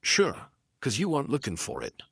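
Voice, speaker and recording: A man voicing a wisecracking, contemptuous tough-guy detective in a pulp noir audiobook, gruff and given to chuckling. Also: medium pitch, huge pitch swings, moderate pace, fairly bright tone, dry recording, clean studio sound, voice pushed up, heavily acted. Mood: wry.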